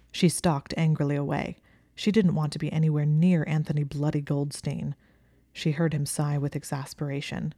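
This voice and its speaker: Low, flat-voiced woman narrating a story. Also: moderate pace, no echo, clean studio sound. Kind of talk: audiobook reading of fan fiction.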